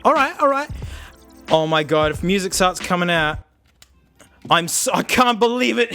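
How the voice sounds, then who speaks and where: A young Australian man vlogging about gadgets, joking and excitable, swinging between loud outbursts and muttered asides. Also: high-pitched, normal speed, long pauses, soft background music. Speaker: tech vlogger. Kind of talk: casual chat.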